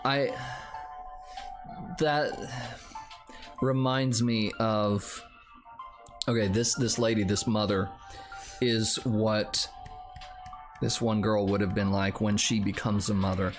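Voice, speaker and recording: A man's voice: on the low side, fairly even intonation, takes it slowly, long pauses, soft background music. A man streaming a story game, reading the text aloud and commenting casually with a wry tone.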